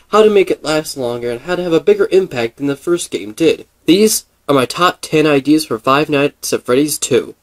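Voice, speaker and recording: A man talking casually into the mic, his voice sitting a little high. He rambles and thinks out loud, stumbling over fillers and restarting his sentences as he goes. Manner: chatty, thinking aloud. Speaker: gaming video creator. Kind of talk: casual commentary.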